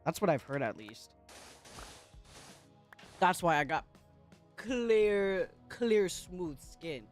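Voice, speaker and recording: A man's voice: high-pitched, animated, takes it slowly, pauses often, soft background music. A man chatting playfully to his viewers while livestreaming a game, giggling often and talking to chat. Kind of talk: casual gaming livestream chat.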